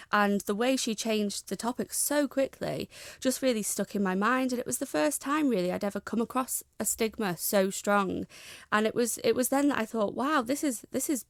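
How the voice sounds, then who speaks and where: A young woman, a guest in an interview, speaking frankly and reflectively in a steady way. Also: mid-range voice, creaky, no echo, clean studio sound. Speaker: guest, charity founder. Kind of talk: candid interview talk.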